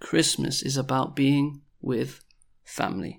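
A man with a gravelly, creaky voice runs a language lesson. He repeats each phrase slowly and carefully, sounding out every word. Between drills he explains things in a loose, casual way. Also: medium pitch, fairly even intonation. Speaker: language teacher.

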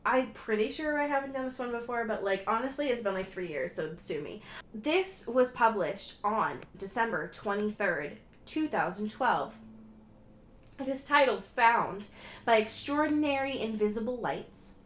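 A woman's voice: on the high side, lively intonation, normal speed, slight background noise. Casting: woman podcast co-host, giggly casual chat, echoey recording. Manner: giggly, with many fillers. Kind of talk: casual chat and reading fan fiction aloud.

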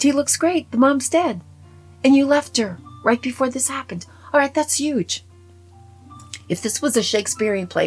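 A woman giving a casual spoken movie review in an animated, opinionated, rambling way full of asides. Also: medium pitch, slightly rough. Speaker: film reviewer.

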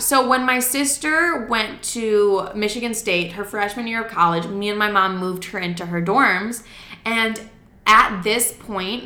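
A woman's voice: medium pitch, pushed and bright, echoey room. A young woman telling a casual story time, chatty and swearing, acting out the quotes. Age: young adult.

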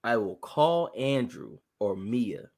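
Young man, casual storyteller; animated, laughing, acts out both sides of a call. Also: mid-range voice, slow. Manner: animated, laughs a lot, acts out phone calls. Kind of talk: casual chat.

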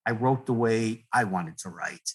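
A middle-aged man, a guest poet, talking in a rambling, earnest way, with many restarts and soft laughs. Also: lowish voice, unhurried, slightly rough, rough recording. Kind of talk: relaxed conversational interview.

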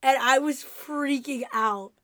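A woman's voice: sits high, slow pace, a bit bright, no room sound, studio quality. A woman co-hosting a casual review chat, playful and teasing. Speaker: podcast co-host reviewing episodes.

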